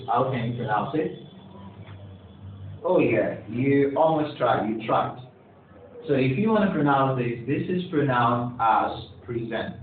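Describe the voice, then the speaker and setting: A male teacher leads a classroom pronunciation lesson, drawing answers out of his students and praising them often. His voice sits at a middle pitch and comes from some way off the mic. The room is very echoey, and the sound is thin and phone-like. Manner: encouraging, asks students questions and praises answers. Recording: echoey, distant, phone-like with faint hiss.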